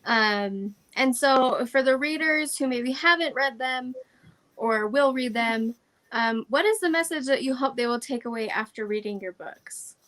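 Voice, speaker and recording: A woman's voice: high voice, a little slow, a bit bright. A woman hosting a casual author chat, upbeat and affirming. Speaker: interview host.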